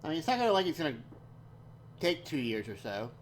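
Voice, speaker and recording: A woman's voice: low voice, sing-song, fast talker, slight background noise. A woman live-streaming as she reads game dialogue aloud, theatrical and switching between character voices. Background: loud music.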